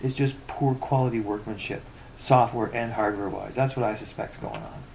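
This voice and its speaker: A man's voice: medium pitch, steady tone, normal speed, vocal fry, a little mellow, a little hiss or hum. Exasperated, stammering man ranting. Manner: rambling, stammering repetitions; sarcastic and exasperated. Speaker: tech vlogger. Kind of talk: ranting commentary reading forum posts.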